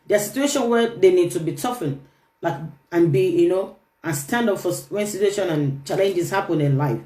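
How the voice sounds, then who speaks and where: A woman's voice: medium pitch, darkish tone. A woman hosting a live-stream talk, speaking earnestly to her viewers and often repeating her points. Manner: earnest, repeats phrases, addresses viewers directly. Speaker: host. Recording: echoey room.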